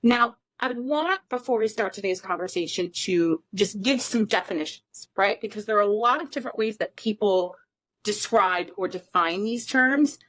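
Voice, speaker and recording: A woman's voice: medium pitch, lively intonation, moderate pace, a bit bright, dry recording. A woman co-hosting a podcast, explaining ideas in an emphatic, teacherly way with frequent rhetorical questions. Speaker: podcast co-host.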